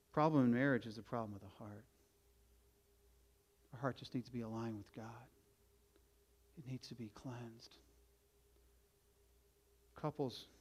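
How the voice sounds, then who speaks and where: A middle-aged man preaching a sermon as a pastor, earnest, swinging from loud urging to quiet, confessional passages. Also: mid-range voice, lo-fi sound.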